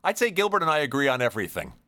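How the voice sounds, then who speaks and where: A man's voice: mid-range voice, huge pitch swings, pushed and bright, no room sound. A man hosting a podcast, reading out listener questions in casual chat and chuckling along. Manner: brisk, chuckling question reader. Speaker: podcast host.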